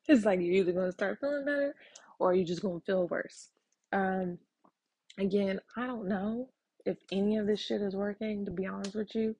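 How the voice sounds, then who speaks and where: A woman's voice: mid-range voice, normal speed, dark tone, husky, no echo. A woman hosting a casual solo podcast, talking frankly with lots of ums and casual swearing. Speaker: podcast host.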